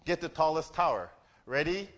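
A man leading a children's message in church, running a game and telling a story, animated and quizzing the kids. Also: fairly high pitch, normal speed. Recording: dull lo-fi recording.

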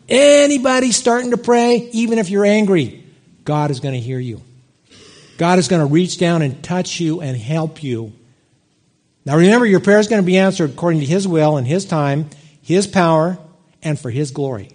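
Animated middle-aged preacher, fairly high voice. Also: male voice, normal speed, long pauses. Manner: animated storytelling, big swings in pitch. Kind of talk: sermon with personal story.

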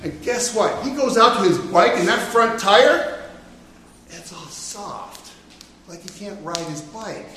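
A man tells a story to children, playful and quizzing his listeners. His voice is high, bright and very lively, and he sounds far from the mic in a roomy, echoing hall. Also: measured pace. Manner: playful, asks the audience questions.

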